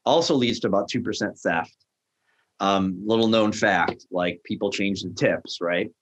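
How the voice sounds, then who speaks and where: A man's voice: unhurried, a bit bright. A middle-aged man, a restaurant tech founder, telling stories in an interview and acting out the lines of the people in them. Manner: acts out quoted dialogue with jumps in pitch. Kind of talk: animated storytelling in a podcast interview.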